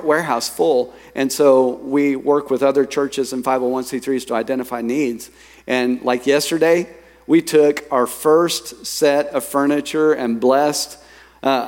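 A man preaching in a church, his voice sitting at an ordinary middle pitch. He reads verses and tells stories to the congregation in a lively, conversational way. His words carry a long reverb from the large hall around him. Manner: lively, quoting scripture and telling stories to the congregation. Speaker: pastor. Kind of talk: sermon. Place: church sanctuary.

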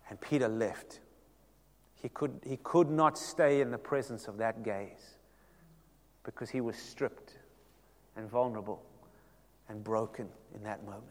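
A man, preaching a sermon as pastor and telling the story dramatically, shifting between loud and hushed passages. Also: lowish voice, steady tone, unhurried, long pauses, long reverb tail.

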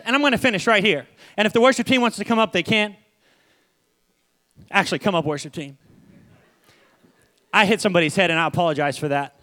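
Young male preacher, high bright voice, energetic and chatty, repeats lines for emphasis. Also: fairly quick, pauses often. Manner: energetic, conversational, repeats phrases. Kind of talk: sermon.

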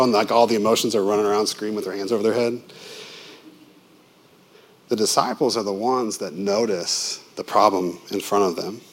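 A pastor delivers his sermon in a relaxed, conversational way, leaning on vivid asides and questions to his listeners. His voice sits on the low side for a man.

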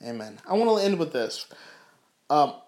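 A man's voice: high voice, moderate pace, a bit bright. A man preaching fervently with rhetorical questions and emphatic repeats, then leading a prayer. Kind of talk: sermon with closing prayer. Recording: roomy echo.

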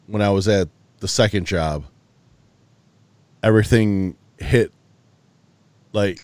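A man's voice: fairly low pitch, darkish tone, no echo. Profane, tired-sounding man telling a story. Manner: loose, profane storytelling with frequent restarts. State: yawning, tired. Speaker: podcast co-host. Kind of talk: casual chat.

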